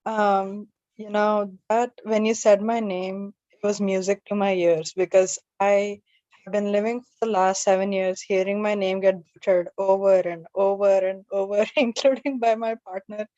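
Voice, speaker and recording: A woman's voice: mid-range voice, flat delivery, moderate pace, warm tone, dry recording, muffled recording. A woman hosting an open mic and doing stand-up, telling stories in a chatty, self-deprecating way. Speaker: open mic emcee and comedian.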